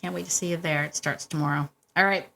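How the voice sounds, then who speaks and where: Encouraging woman host, fairly low voice. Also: steady tone, fast talker, vocal fry. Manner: warm, encouraging, laughs often, repeats herself. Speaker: podcast host, dog trainer. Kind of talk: casual coaching monologue.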